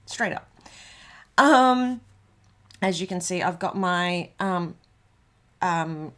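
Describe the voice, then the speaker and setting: A woman's voice: medium pitch, a bit bright. An Australian woman hosting a casual livestream, chatting and rambling with lots of ums and restarts. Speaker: livestream host. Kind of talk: casual livestream chat reading out comments.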